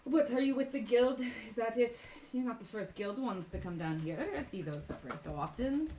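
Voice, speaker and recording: A woman's voice: a little high, lively intonation, moderate pace, reverberant, background noise, natural voice. A woman voicing a secretive, defensive female medusa who speaks in a curt, dismissive way. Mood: guarded.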